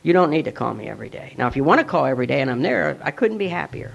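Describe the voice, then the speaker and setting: A man's voice: on the high side, sing-song, rapid-fire, vocal fry. A middle-aged man giving a personal testimony at a recovery meeting, earnest and reflective as he tells his story. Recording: dull lo-fi recording.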